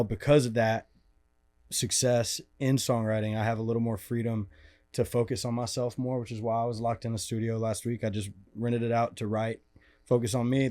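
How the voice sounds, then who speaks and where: A man in a casual interview, giving thoughtful, measured explanations. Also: medium pitch, darkish tone. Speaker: guest songwriter.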